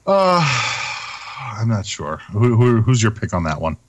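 A man's voice: fairly low pitch, very animated, a little slow, no echo. A man co-hosting a casual wrestling chat podcast, loose and profane in his talk. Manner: loose and profane, laughs easily. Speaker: podcast co-host.

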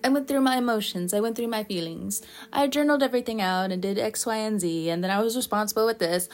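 A woman's voice: medium pitch, quick pace. A woman giving a casual tarot reading, chatty and playful, often laughing and scolding her listeners in fun. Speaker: tarot reader.

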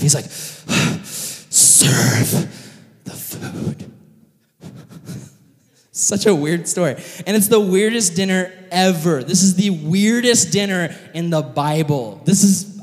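Animated, high-voiced man preaching. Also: big-room sound. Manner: animated joking storytelling, many fillers. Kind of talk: humorous casual sermon.

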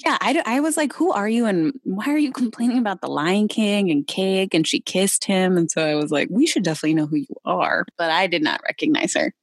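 A woman's voice: medium pitch, brisk, hardly any pauses, dry recording. A woman co-hosting a podcast in casual chat, jokey and giggly, swearing freely. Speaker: podcast co-host.

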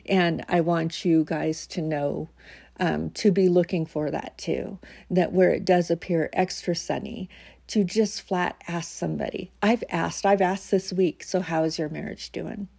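Low gravelly earnest woman. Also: steady tone, measured pace, dark tone. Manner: earnest, emotional, laughs often, many fillers. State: teary. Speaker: faith podcaster. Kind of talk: casual devotional talk.

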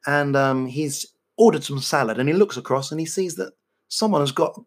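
A man's voice: a little high, moderate pace. A man co-hosting a podcast, bantering casually and telling cheeky, crude jokes that he laughs at himself. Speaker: podcast co-host.

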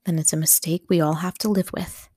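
Woman voicing a hushed, guarded housemaid. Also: lowish voice, steady tone, fairly quick, breathy edge, no echo, studio quality. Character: reserved, cautious adult female housemaid.

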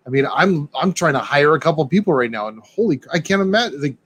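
A man in a casual podcast chat, talking in an excitable, rambling way and peppering his talk with dude and man. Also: fairly high pitch, quick pace, breathy edge.

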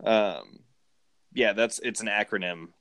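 A man casually discussing a movie, rambling and animated. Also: fairly low pitch, a little slow, no echo. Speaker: film podcast co-host.

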